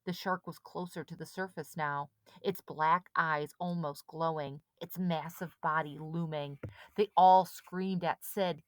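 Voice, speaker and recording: Woman, storybook narration, low voice, dry close sound. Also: fairly even intonation, a little slow, dry recording. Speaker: audiobook reader.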